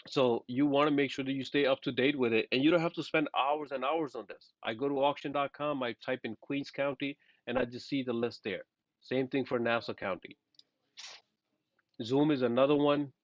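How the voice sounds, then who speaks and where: A man's voice: medium pitch, dry recording. A man talks his team of real estate agents through a casual presentation, with a mid-range voice. He keeps checking in with "right?" and leans on "you know" as he explains. The sound is dry and a little dull. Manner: conversational, frequent "right?" and "you know" asides. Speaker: mortgage and real estate broker training agents.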